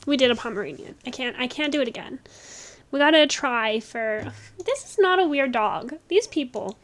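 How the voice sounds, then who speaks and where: A woman's voice: high-pitched, animated. A woman hosting a casual gaming video, chatting and gushing as she plays. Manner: bubbly, gushing, quick with laughs. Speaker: gaming channel host. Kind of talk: casual gameplay commentary.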